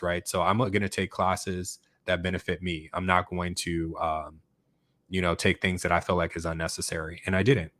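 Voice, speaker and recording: A man with a very low, deep voice talks casually on his channel, rambling and restarting his sentences with lots of fillers. The sound is dry and close, with no room around it. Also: fairly even intonation, normal speed, a bit bright, dry recording. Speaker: YouTube channel host. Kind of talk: casual livestream chat reading comments.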